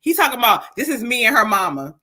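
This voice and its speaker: A woman tarot reader on a live stream, speaking in a bright, slightly high voice. She giggles often and swears casually while she passes along messages. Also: quick pace. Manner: giggly, animated, swears freely. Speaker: psychic reader. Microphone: webcam or phone on a live stream.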